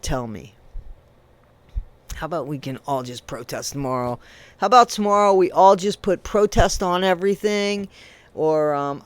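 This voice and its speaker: Emphatic high-voiced man ranting. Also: no room sound. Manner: indignant, emphatic, swings from loud to low. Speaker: true crime commentator. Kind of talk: ranting commentary to camera.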